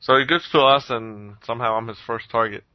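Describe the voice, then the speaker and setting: This podcast co-host is a casual male storyteller who swears a lot and mimics people, acting out their quotes with animation. His mid-pitched voice comes a little fast, recorded close and dry with no echo on dull lo-fi audio.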